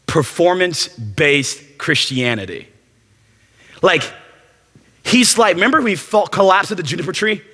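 A man delivers a revival sermon with a high, bright, keen voice. He grows animated and acts out the scripture scenes in quoted voices. The recording has the long reverb of a church sanctuary. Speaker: preacher.

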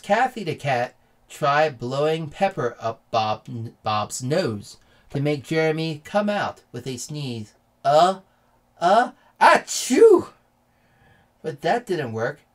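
A man hosting his own channel, reading a children's picture book aloud slowly and then signing off. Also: a little high, big pitch swings. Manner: slow, deliberate reading.

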